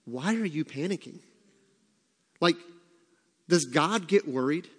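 A man's voice: on the high side, slow, big-room sound. A man leading a church group in casual devotional talk, acting out his own worried voice in quotes. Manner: animated, acts out quoted worries.

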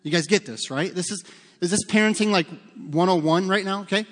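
A middle-aged male pastor preaching in a church, relaxed and chatty, with jokes and asides to the congregation. His voice sits a little high for a man. A long hall reverb trails his words. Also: a little fast. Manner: conversational, humorous storytelling with asides to the congregation. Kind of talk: sermon. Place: church sanctuary.

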